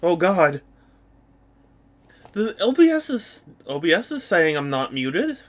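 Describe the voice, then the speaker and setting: A man's voice: sits high, very animated, slow pace. A man streaming a video game, chatting casually and playfully with his viewers and laughing often. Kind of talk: casual live-stream chat.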